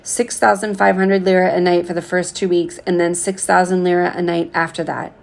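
A woman reading a novel aloud, with steady, expressive storytelling. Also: fairly low pitch, a little fast, creaky. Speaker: reader.

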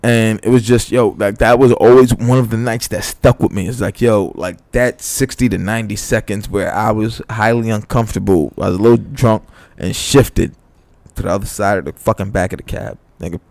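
A man's voice: lowish voice, moderate pace, creaky, a little mellow, dry recording. A man telling a story in a loose, profane, casual chat. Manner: loose, profane storyteller who acts out dialogue.

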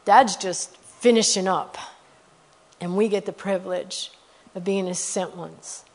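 A middle-aged woman guest preacher telling testimony stories in a sermon, animated and rising to loud exclamations. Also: mid-range voice, unhurried.

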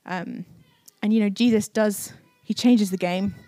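A woman's voice: mid-range voice, steady tone, unhurried, mellow, no echo, faint music behind. A woman giving a casual, conversational sermon in a church, chatty with many fillers. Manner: chatty, many fillers, acts out quoted speech. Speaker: preacher. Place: church service.

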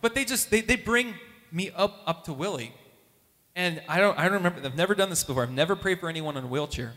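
A man telling a lively faith story as a testimony, acting out the voices of the people in it. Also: quick pace. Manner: animated, acts out quoted voices with big pitch jumps. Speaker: speaker at a Catholic gathering. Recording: long hall reverb.

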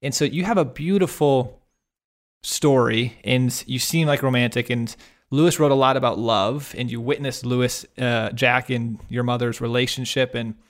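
A man hosting a casual interview, asking long, rambling questions with eager interest. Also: mid-range voice. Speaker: podcast host.

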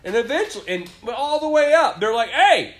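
Animated high-voiced man telling stories. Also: a little fast. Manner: animated, swearing, acts out bosses' lines. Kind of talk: casual storytelling chat.

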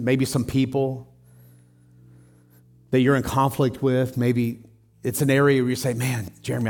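A man's voice: medium pitch, darkish tone. A man preaching a sermon as a pastor in church, earnest and emphatic, acting out scenes in quoted lines.

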